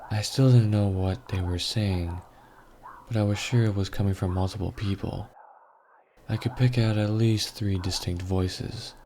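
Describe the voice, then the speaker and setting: A man reading a scripted horror story aloud in a measured, grave first-person telling. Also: fairly low pitch, steady tone, dark tone, slight background noise. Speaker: story narrator.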